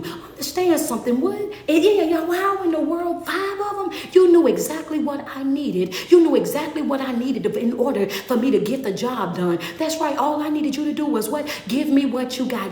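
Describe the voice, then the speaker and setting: A woman's voice: high voice, lively intonation, normal speed, hardly any pauses, darkish tone. A woman giving a live-streamed motivational sermon, speaking emphatically and calling out to her viewers by name. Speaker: motivational speaker and life coach. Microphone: phone livestream. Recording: echoey room.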